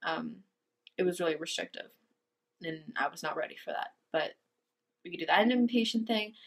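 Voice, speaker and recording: A teenage girl telling a personal story in a confessional vlog, speaking hesitantly with many pauses and fillers. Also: lowish voice. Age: teens. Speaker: vlogger.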